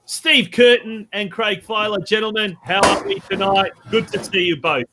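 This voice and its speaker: Bright, upbeat Australian male host. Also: sits high, fairly even intonation, a little slow. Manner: upbeat, gushing, hype-style. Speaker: podcast host. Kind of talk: lively football podcast hosting.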